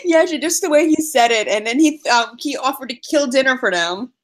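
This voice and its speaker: A woman co-hosts a podcast in casual chat, playful and quick to laugh and agree. Her voice is high and swoops lively up and down. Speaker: podcast co-host.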